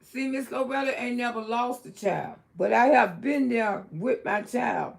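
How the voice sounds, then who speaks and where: Gravelly blunt Southern woman on a livestream. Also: lively intonation, a little slow. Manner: outspoken, blunt, swings from low murmur to loud exclaiming. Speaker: livestream host. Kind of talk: casual livestream commentary.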